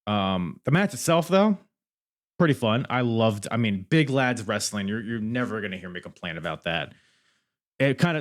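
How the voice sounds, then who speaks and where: A man hosting a podcast, chatting casually and enthusiastically, laughing and swearing as he talks through wrestling matches. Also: lowish voice. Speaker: podcast host.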